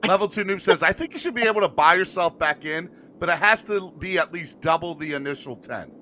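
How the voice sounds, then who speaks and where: A man's voice: a little high, expressive, fairly quick, sharp tone, a little hiss or hum. A man hosting a sports podcast panel, playful and teasing in casual chat. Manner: playful, teasing, laughs often. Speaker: podcast host.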